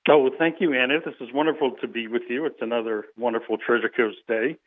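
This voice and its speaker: A man's voice: medium pitch, fairly even intonation, quick pace. A man with a Boston accent, calling in as a guest and chatting in an upbeat, emphatic way about his business. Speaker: golf business founder, guest. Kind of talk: casual phone-in chat. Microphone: phone. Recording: tinny phone line.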